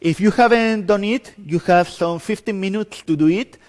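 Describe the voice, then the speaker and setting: A man's voice: high voice, normal speed, a little mellow. A man with a Spanish accent giving an improvised, chatty, self-deprecating introduction to a lab at a conference. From Spain. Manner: self-deprecating, chatty, laughs between lines. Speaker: conference speaker. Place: conference room with audience.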